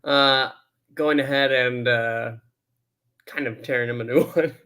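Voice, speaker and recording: A man co-hosting a casual movie review, recapping in a halting way with many ums and uhs and dry asides. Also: medium pitch, steady tone, bright, forceful tone, clear, resonant tone. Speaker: movie review podcast co-host.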